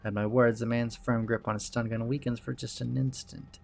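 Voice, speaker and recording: Gravelly man reading game narration. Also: mid-range voice, flat delivery, moderate pace, faint music behind. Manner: dry, wry reading with asides. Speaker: let's play host. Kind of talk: reading a visual novel's narration aloud.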